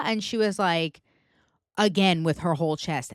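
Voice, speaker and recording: Podcast host, woman, US Northeastern accent, lowish voice, animated and foul-mouthed, bone-dry sound. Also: moderate pace, no room sound. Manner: animated, emphatic, swears freely. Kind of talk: casual pop-culture chat.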